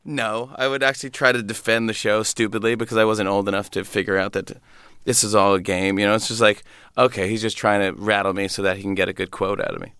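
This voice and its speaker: Animated man telling a story. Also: lowish voice, clear, resonant tone, no echo, studio quality. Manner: animated storytelling, quick restarts. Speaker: comedian guest. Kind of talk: casual chat.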